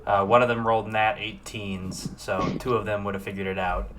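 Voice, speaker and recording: A man's voice: lowish voice, steady tone, moderate pace, noisy background. A man narrating as game master in a casual, laughing way with lots of fillers.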